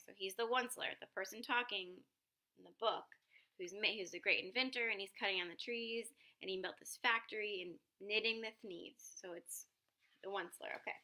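A woman reading a children's picture book aloud, stopping for chatty, animated asides to young listeners. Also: mid-range voice, low-quality recording. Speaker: program director and storyteller.

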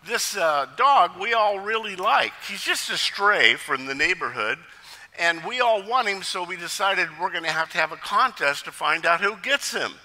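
A man's voice: high-pitched, animated, moderate pace, bright, forceful tone, big-room sound, exaggerated voice, poor audio. A man telling a joke and voicing a sheepish boy of about twelve who speaks hesitantly.

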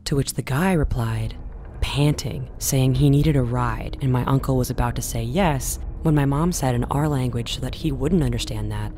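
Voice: medium pitch, normal speed, warm tone, slight background noise. A speaker narrating a personal scary experience from childhood in a matter-of-fact way. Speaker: storyteller. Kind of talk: first-person horror story narration.

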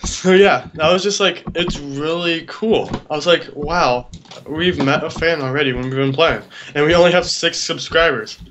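A man's voice: on the high side, normal speed, fairly bright tone. A teenage boy rambling casually while gaming, telling a long story and trailing off with "I don't know.". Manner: rambling, trails off, retells stories with quoted voices. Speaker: gameplay co-host. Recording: dull lo-fi mic with clear background hiss.

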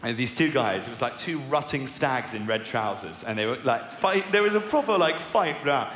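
A posh young English man doing stand-up on a big arena stage, his voice swinging lively up and down. The hall rings with long reverb and crowd noise behind him. He mocks himself and breaks into high squeaky outbursts. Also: moderate pace. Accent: posh southern English. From England. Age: 20s. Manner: animated, self-mocking, with sudden high squeaky outbursts. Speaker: stand-up comedian. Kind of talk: stand-up comedy routine.

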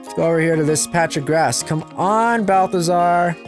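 A woman's voice: lowish voice, normal speed, music in the background. A woman giving casual gameplay commentary, sarcastic and playful, chatting to a virtual puppy.

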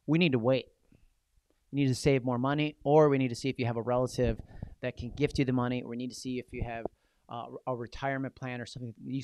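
A man coaching real estate agents in an energetic, punchy seminar talk full of rhetorical questions. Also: mid-range voice, clean tone, no echo.

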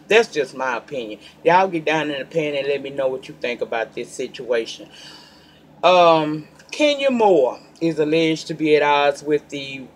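Man, celebrity gossip vlog host, sassy and emphatic, fairly high voice, faint hiss behind. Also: normal speed. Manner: sassy, emphatic, talks straight to viewers; loud bursts of emphasis between calmer asides. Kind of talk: casual gossip commentary.

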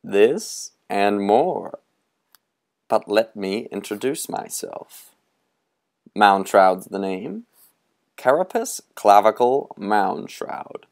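A man doing Moundshroud, booming bony specter. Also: animated, darkish tone. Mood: grand. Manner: booming, theatrical, drawn-out. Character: tall, bony, laughing old male specter.

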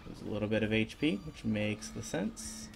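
Gravelly, lively-voiced gaming man. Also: fairly low pitch, moderate pace. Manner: casual, half-mumbled, self-talking. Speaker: gaming video host. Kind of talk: let's-play commentary. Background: faint game music.

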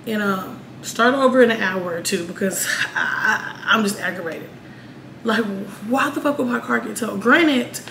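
A woman in her twenties vlogging in a casual chat style, candid and quick to vent, swearing freely. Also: medium pitch, vocal fry, a bit bright. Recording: roomy echo, faint room noise.

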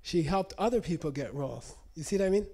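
A man's voice: on the high side, expressive, fast talker, dark tone. Man lecturing live, checking in often. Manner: conversational teaching, frequent "okay?" check-ins. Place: lecture room.

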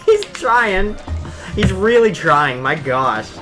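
A woman gamer chatting casually over a fighting game, with excitable exclamations. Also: on the low side, takes it slowly. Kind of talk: casual gaming chat. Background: loud game music.

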